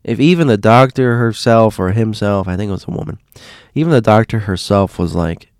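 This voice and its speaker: A man hosting a show, telling a story in a casual, halting way, often repeating words and dropping to a hushed voice. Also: on the low side, clean tone, no room sound, studio quality. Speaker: host.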